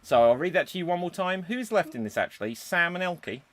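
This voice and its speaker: A man's voice: sits high, expressive, fast talker, a bit bright. A man hosting a live improv comedy show over a video call, upbeat as he reads out suggestions. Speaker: host.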